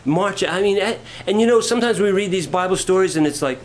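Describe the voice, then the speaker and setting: A man preaching a sermon, shifting from quiet storytelling to rising, fervent preaching. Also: high voice, quick pace, a little hiss or hum, low-quality recording. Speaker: pastor.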